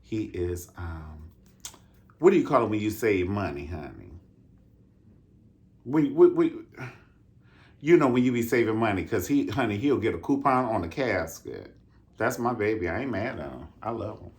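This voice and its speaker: A man telling a story in a casual, profane rant, flamboyant and sassy, with drawn-out emphatic asides. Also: lowish voice, lively intonation. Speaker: vlogger reviewing a dance concert.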